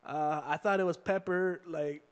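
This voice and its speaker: Animated, profane young man telling stories. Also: fairly high pitch, measured pace, muffled recording, a little hiss or hum. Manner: animated, profane, laughing storyteller acting out quotes. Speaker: podcast co-host. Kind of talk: casual storytelling chat.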